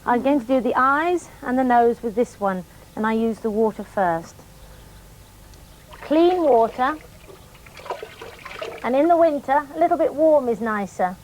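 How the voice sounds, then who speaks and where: A middle-aged woman, a riding instructor, calmly demonstrating horse care to children step by step. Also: fairly high pitch, measured pace, pauses often, slight background noise, rough recording. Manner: calm, gentle, explains each step patiently. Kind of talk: hands-on demonstration teaching children.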